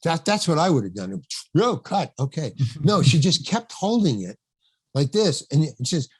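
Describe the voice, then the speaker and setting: A man's voice: a little high, sing-song, moderate pace, darkish tone, husky, no echo. An older man, an actor, telling a rambling backstage story in a podcast interview, acting out the quotes, laughing often and swearing now and then. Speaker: actor guest.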